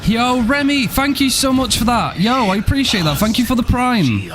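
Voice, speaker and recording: A man's voice: very high-pitched, animated, normal speed, background noise. A man live-streaming a game, chatting casually and playfully, joking and thanking viewers by name, with casual swearing.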